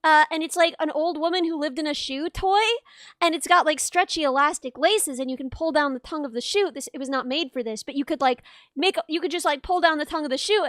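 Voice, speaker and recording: A young woman with a very high, bright voice tells animated, laughing stories over a casual stream. She sits close to a dry mic with no echo. Her delivery is lively and chatty. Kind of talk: casual chat, storytelling.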